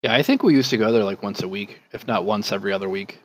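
A man's voice: on the low side, fast talker, dry recording, rough recording. Laid-back swearing podcast guy. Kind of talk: casual chat.

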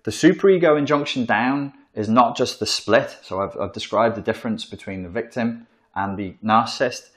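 A man's voice: medium pitch, normal speed, few pauses. A man giving an informal psychology lecture, blunt and profane, in a room where he writes on a board. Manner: blunt and profane, acts out quoted voices.

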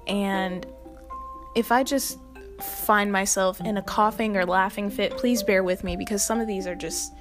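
A woman's voice: medium pitch, steady tone, measured pace, over music. A young woman hosting a video, doing casual scripted commentary with laughing, exasperated asides. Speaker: video host.

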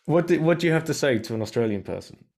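A man's voice: fairly high pitch, lively intonation, quick pace, darkish tone. A man hosting a podcast, reading sponsor spots and chatting with a guest in an upbeat way that repeats key points. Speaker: podcast host. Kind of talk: podcast intro and ad reads, casual interview.

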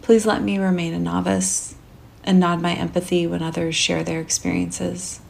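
A woman author reading her own first-person short story in a soft, intimate way, at times dropping almost to a whisper. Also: fairly low pitch, gravelly.

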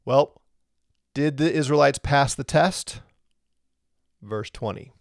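Man with a lingering cough, teaching scripture and posing rhetorical questions; medium pitch, dry room. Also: slow, gravelly, no room sound. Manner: explains step by step, asks rhetorical questions. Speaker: Bible teacher. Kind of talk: verse-by-verse Bible teaching.

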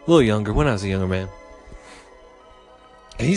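A young man hosts his podcast with a loose, profane storytelling style. His delivery is animated and rambling, with faint music under it. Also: mid-range voice, fairly quick, pauses often. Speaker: podcast host. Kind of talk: casual storytelling.

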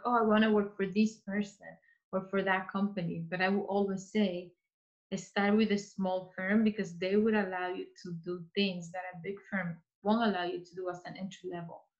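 A woman gives career advice, earnest and repeating phrases as she works out her thoughts. Her voice sits in a middle register. The recording sounds a little dull and lo-fi. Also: medium pitch. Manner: earnest, speaks in restarts and repeats. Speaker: interior designer guest. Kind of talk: casual interview advice.

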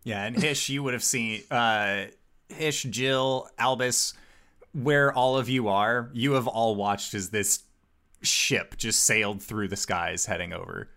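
A man's voice: mid-range voice, slow, sharp tone. Chatty man running a tabletop game. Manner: upbeat, loose, chatty with filler. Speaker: game master.

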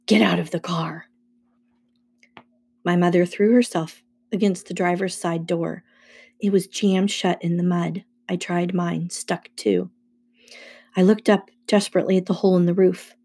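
A woman narrating a first-person adventure novel aloud in a steady storytelling manner. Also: on the low side, moderate pace. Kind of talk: audiobook reading.

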